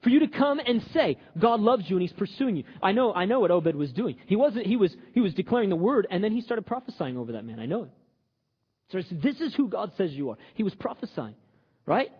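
Animated man preaching in an echoing hall. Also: sits high, brisk, breathy edge. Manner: animated, joking, conversational preaching. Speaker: pastor. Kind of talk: sermon. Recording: dull audio with long hall reverb.

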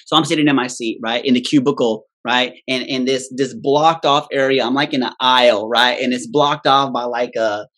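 A man's voice: medium pitch, steady tone, normal speed, few pauses, a bit bright. A man on a podcast telling a long personal story in casual chat. He swears freely, laughs at himself and tags nearly every sentence with "right?".

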